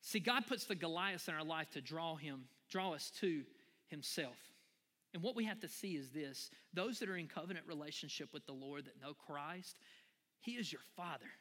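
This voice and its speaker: Animated man preaching in a hall. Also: a little high, normal speed. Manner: animated, folksy, addresses the crowd as y'all. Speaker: pastor. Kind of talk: sermon with personal story.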